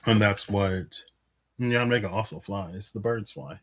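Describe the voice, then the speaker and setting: A man's voice: fairly low pitch, measured pace, fairly bright tone. A man giving a casual live card reading, musing aloud with many fillers and little laughs, a bit out of breath. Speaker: tarot and Lenormand card reader.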